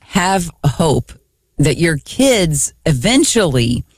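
A woman's voice: deep voice, slow pace, breathy edge, no room sound, studio quality. A woman co-hosting a radio talk show, chatting and laughing as she tells family stories. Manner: animated, laughing, mimics her kids. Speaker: radio co-host. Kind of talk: casual chat.

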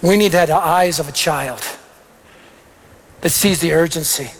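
A man's voice: on the high side, moderate pace. A middle-aged man preaching a sermon, telling stories with energy and punchy lists. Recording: long reverb of a large hall.

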